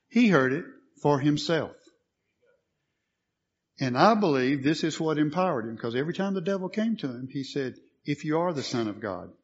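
A man's voice: fairly high pitch, dull audio. A man preaching a sermon, asking questions and answering them, with emphatic statements.

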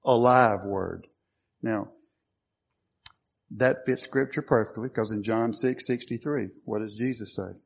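A man's voice: fairly low pitch, a little slow, gravelly, long pauses. Guy preaching a sermon, punches key words, kinda muffled lo-fi recording. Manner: emphatic, quoting scripture with rising stress.

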